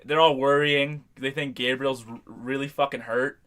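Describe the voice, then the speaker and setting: Young male co-host, bright timbre, loose and profane, chuckles a lot. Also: mid-range voice, fairly even intonation, normal speed. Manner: loose and profane, laughs often. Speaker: podcast co-host. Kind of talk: casual chat recapping a movie.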